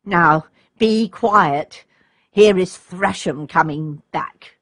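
Woman reader as playful mystery boy, near her own voice, slow, breathy. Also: on the low side, a bit bright, dry recording, clean studio sound, voice pushed down, exaggerated voice. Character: Redcap, a cheeky mysterious boy.

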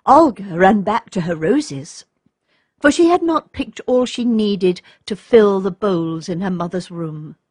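A woman reading a storybook aloud in a calm, measured way, with a husky voice. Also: medium pitch, no echo, studio quality. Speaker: audiobook narrator. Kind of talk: storybook narration.

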